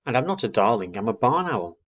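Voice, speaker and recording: A man's voice: medium pitch, big pitch swings, a little fast. A man voicing a sweet, friendly young woman who speaks in a polite, encouraging manner. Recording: dull lo-fi recording.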